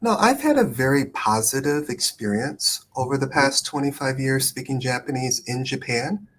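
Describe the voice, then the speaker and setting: Husky-voiced man hosting a live stream. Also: medium pitch, lively intonation, moderate pace, fairly bright tone. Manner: hesitant, many ums. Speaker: immigration attorney, host. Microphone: video call.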